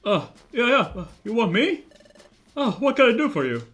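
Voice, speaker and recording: A man's voice: very high voice, sing-song, moderate pace, a bit bright, voice pushed up, full character voice. A man voicing a timid, bumbling creature with a put-on Southern accent, stammering and hesitant. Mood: flustered. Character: bumbling male beaver-like creature, folksy and timid.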